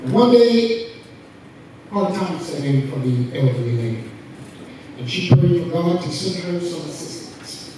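Brief: preacher, high voice, slow unhurried delivery, call-and-response, distant echoey sanctuary. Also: male voice, expressive, background noise. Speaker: pastor. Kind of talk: sermon. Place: church sanctuary. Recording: echoey church from far off.

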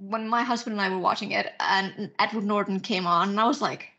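A woman's voice: mid-range voice, fairly even intonation, brisk, sharp tone, lo-fi sound. A woman co-hosting a podcast in casual chat, swearing freely and laughing, with many fillers. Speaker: podcast co-host. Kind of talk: casual chat about books and films.

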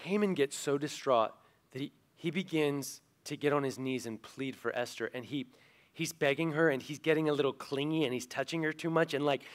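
A man preaching a sermon, retelling a story in a lively, animated way and acting out the characters' lines. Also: on the high side. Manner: animated, acts out quoted characters. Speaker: pastor.

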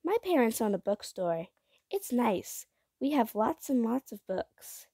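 A woman reading aloud voices a curious, bookish young girl, speaking softly and coaxingly in a raised voice. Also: sing-song, unhurried, husky, no echo, studio quality, exaggerated voice. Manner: soft, coaxing, higher voice.

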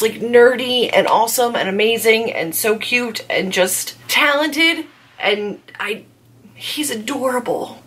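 A woman's voice: mid-range voice, a bit bright. A young woman hosting a casual book vlog from home, gushing with enthusiasm about her favorite reads. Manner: gushing, enthusiastic, lots of "like" and "so amazing". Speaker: booktuber host.

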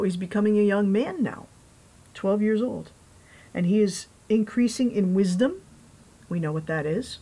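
A woman's voice: mid-range voice, husky, low-quality recording. Chatty woman pastor preaching. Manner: chatty and animated, with asides and laughs. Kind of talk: conversational sermon with scripture reading.

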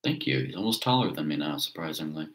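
A man hosting a casual livestream, answering viewer questions in a relaxed, rambling way. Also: extremely low pitch, fast, rough recording. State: hiccups. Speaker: livestream host.

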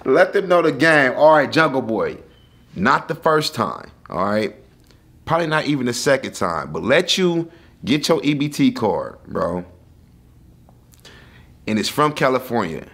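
A man hosting a podcast in casual chat, blunt and quick to laugh as he reacts to his guest. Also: medium pitch, big pitch swings, fairly bright tone. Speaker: podcast host.

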